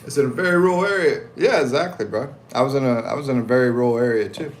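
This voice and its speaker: A relaxed American man in a middle-pitched voice, chatting loosely to his livestream viewers and chuckling as he answers their comments. A faint hum of noise sits behind him. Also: fast talker. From United States. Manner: laid-back, chuckling, reads comments aloud with animated voices. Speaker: livestream host reading chat. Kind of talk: casual livestream chat. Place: at home in the Philippines.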